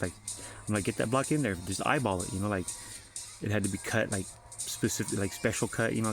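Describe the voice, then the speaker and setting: A man, a father, tells a rambling, profane story in a casual way, with many fillers. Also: fairly low pitch. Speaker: father giving a family update.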